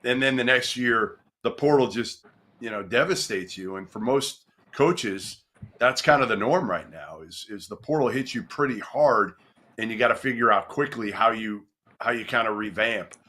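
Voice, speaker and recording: A male sports interviewer with a bright, forward voice at a middling pitch. He banters and teases in a relaxed way, then strings together long, loose questions. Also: normal speed. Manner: chatty, joking banter.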